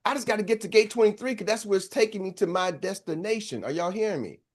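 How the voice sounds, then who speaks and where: Fast and high-voiced, with lively intonation, a middle-aged man gives a motivational speech. As a sales coach, he tells stories in a preachy way and calls out to his audience.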